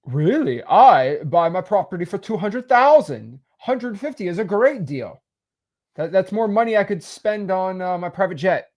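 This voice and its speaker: A man's voice: extremely high pitch, animated, moderate pace, few pauses, darkish tone, pitched above the performer's own voice. A man voicing a snobby, pompous rich property buyer with a put-on accent.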